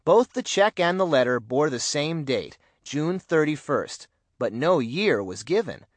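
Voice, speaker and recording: A man narrating a children's mystery storybook in an expressive, animated reading. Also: on the high side, unhurried, no room sound. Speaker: audiobook narrator.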